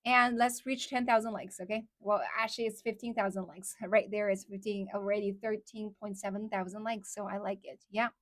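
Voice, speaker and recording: A woman's voice: mid-range voice, steady tone, fairly quick, few pauses, no echo, clean studio sound. A woman whose first language is Chinese, hosting a casual livestream and chatting with viewers, with lots of "like" and "um" fillers. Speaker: livestream host.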